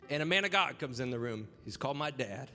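A young man, a pastor, telling his own story in an animated sermon that rises into a preaching cry. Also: mid-range voice, fast, big-room sound, soft background music. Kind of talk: sermon testimony.

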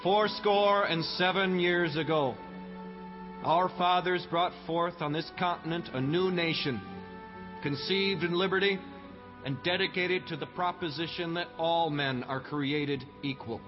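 A man's voice: a little high, lightly acted. A man playing a solemn old statesman. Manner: slow, measured oratory. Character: solemn older male statesman giving a wartime address. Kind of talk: historical impression in a church service. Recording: dull sound with music behind. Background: clear music.

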